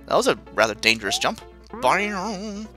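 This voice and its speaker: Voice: mid-range voice, big pitch swings, normal speed. A let's play host giving self-mocking gameplay commentary, with sudden panicky outbursts. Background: faint game music.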